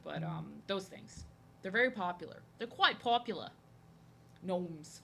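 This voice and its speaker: A woman's voice: medium pitch, sing-song, moderate pace, vocal fry, pushed and bright, slight background noise. A young woman from New Jersey chatting casually while she draws on a live stream, rambling with lots of fillers and restarts, frank and a bit crude. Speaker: streamer and artist.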